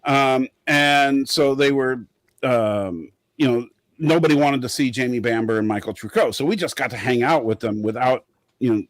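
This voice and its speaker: A middle-aged man with a West Coast American accent tells a meandering story, full of fillers and restarts. His voice sits at a middle pitch, and the recording is close and dry. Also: moderate pace, no room sound. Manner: rambling storyteller, many fillers. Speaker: podcast co-host. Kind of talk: casual chat.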